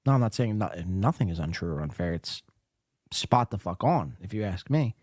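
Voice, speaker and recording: A man's voice: on the low side, animated, normal speed, a little mellow, dry recording, studio quality. A man hosting a casual reaction chat, talking in fits and starts, swearing and stumbling when flustered. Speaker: podcast host.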